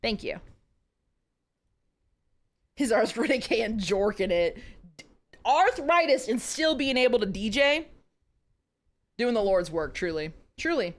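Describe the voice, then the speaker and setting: With a high, very lively voice, a young woman reads spicy fiction to her stream at a measured pace, leaving long pauses. She breaks off repeatedly to giggle and apologize while her pitch swoops around.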